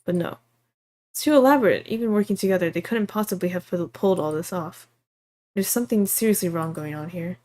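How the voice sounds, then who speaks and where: A woman voicing a bitter, suspicious old woman in a visual novel, sharp-tongued and quick to curse. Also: lowish voice, slight background noise, natural voice. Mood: puzzling. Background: game music.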